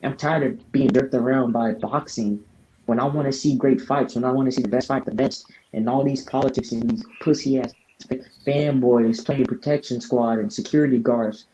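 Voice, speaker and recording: Mellow-voiced man venting on a podcast. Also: mid-range voice, fairly even intonation, moderate pace. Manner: frustrated, profane venting. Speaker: podcast co-host. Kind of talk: casual podcast chat. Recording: dull lo-fi audio with faint noise.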